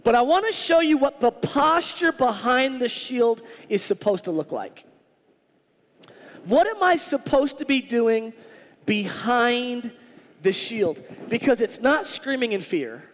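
High-voiced, animated male preacher. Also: a little slow, in a large hall. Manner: animated, humorous, conversational preaching. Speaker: pastor. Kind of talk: sermon.

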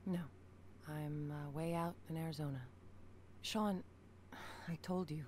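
An actress playing a remorseful middle-aged mother who left her sons, speaking softly in a half-whisper in video game dialogue. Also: deep voice, fairly even intonation, a little slow. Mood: regretful. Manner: soft, hushed, half-whispered delivery. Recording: game audio with clear background noise.

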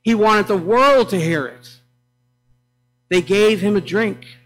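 A man with a high voice preaches slowly and deliberately in a church sanctuary. He lingers on phrases with dramatic pauses, rising to loud declarations and dropping to hushed tones. A faint hum sits under the recording. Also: poor audio. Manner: swings between loud proclaiming and hushed low delivery. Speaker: pastor. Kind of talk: sermon.

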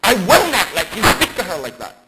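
A man's voice: high voice, wildly swooping pitch, fairly quick, voice pushed up. A man voicing Jesus as a firm teacher rebuking a disciple, speaking directly. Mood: firm rebuke. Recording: loud background noise.

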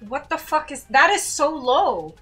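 High bright woman streamer, unhurried, giggly gaming chat, faint game music behind. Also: sing-song.

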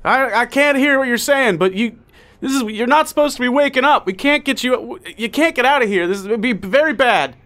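A man's voice: very high voice, fairly quick, a bit bright, pitched above the performer's own voice. A man voicing a panicked male lab worker who stammers and talks in a frantic rush.

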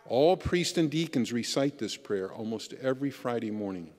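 A man's voice: medium pitch, lively intonation, moderate pace, darkish tone. A man preaching a Sunday homily as a deacon, earnest and plainly telling a story. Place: church. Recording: long church reverb.

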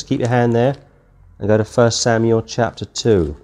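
A man's voice: mid-range voice, fairly even intonation, moderate pace, a little mellow. A man with a British accent teaching a verse-by-verse Bible study, talking casually and reading the King James text aloud. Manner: conversational, reads scripture aloud in King James wording.

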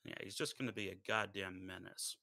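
Male player, gravelly low voice, jokey and cocky, dry close sound. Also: fairly even intonation, a little fast, pushed and bright, no echo, poor audio. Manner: playful, joking, boastful. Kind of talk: casual tabletop play.

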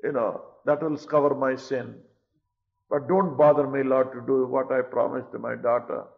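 Preacher doing a sulky king pleading to dodge his vow, low and soft, muffled lo-fi sound. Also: fairly even intonation, moderate pace, gravelly, lightly acted. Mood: wheedling, pleading. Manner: wheedling, bargaining, quieter and lower. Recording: dull lo-fi recording.

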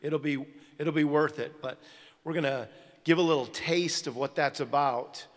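Conference host introducing a speaker. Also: male voice, a little high, steady tone, normal speed. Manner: hesitant, with fillers and restarts. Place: large conference hall. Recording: long hall reverb.

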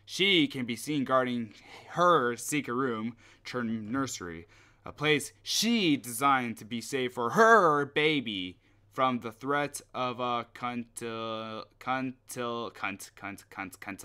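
A young gameplay commentator plays a horror game in a let's play, muttering to himself at an unhurried, drawn-out pace. His medium-pitched, clean voice has a bright, sharp edge, and he swears and yelps whenever something startles him.

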